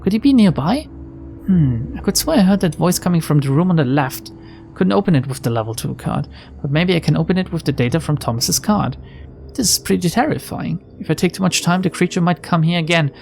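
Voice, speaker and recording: A frightened young detective heroine from a mystery game, stammering and pleading for help in a low, gravelly voice, as a woman reads her lines aloud. Her voice jumps high when the panic hits. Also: darkish tone. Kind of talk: reading a visual novel's lines aloud.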